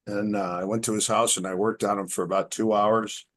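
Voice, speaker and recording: Middle-aged male podcast guest, low voice, rambling anecdotal storyteller who acts out the quotes. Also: level tone, brisk, few pauses, a bit bright. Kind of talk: casual storytelling.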